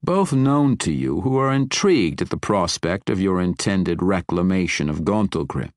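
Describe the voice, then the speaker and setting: A man's voice: deep voice, lively intonation, no room sound, studio quality. A man voicing a sly, sardonic male drow mercenary who drawls his words archly. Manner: arch, drawn-out, sardonic.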